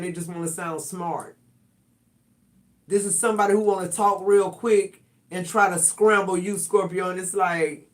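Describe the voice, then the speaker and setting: High-voiced blunt streaming tarot reader. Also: male voice. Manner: blunt, profane, streetwise banter. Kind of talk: casual livestream tarot reading.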